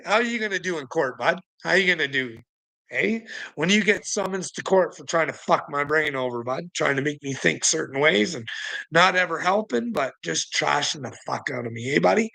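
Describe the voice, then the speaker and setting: A man's voice: fairly high pitch, expressive, moderate pace, creaky, sharp tone, low-quality recording. A man ranting in a rambling monologue, mocking and profane, laughing often between lines. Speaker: vlogger.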